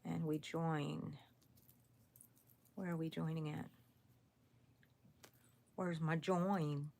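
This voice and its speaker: A woman hosting a live crochet stream, chatting casually with viewers while she works and counting her stitches out loud. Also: sits low, fairly even intonation, drawn-out words, vocal fry. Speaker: crochet channel host. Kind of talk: live crochet tutorial chat.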